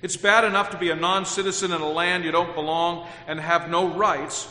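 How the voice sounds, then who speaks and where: A man preaching a sermon in a measured, earnest way, reading scripture aloud with emphasis. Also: fairly high pitch, little pitch movement, sharp tone. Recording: echoey hall with long reverb.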